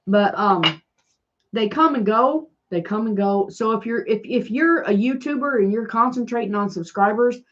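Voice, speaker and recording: A woman's voice: mid-range voice, muffled recording. A woman with a Southern American accent hosting a casual crafting livestream, rambling and answering viewers' comments as she goes. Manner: rambling, chatty, reads and answers live comments.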